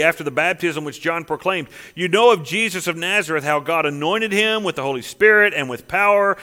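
A man's voice: high-pitched, sharp tone, big-room sound. A man preaching a sermon as a pastor, emphatic, with rhetorical questions and a repeating cadence.

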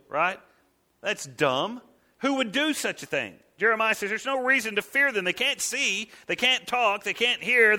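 Male pastor, mid-high voice, bright, lively sermon delivery with folksy asides.

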